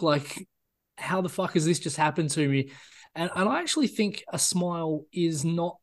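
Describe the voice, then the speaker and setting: Man, higher-pitched voice, podcast co-host, casual sports chat, blunt, opinionated. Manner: blunt, opinionated, restarts words.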